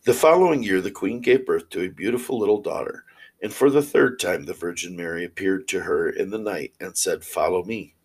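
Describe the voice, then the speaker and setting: A man reading old fairy tales aloud in a steady, measured way. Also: low voice, breathy edge, rough recording. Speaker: storyteller.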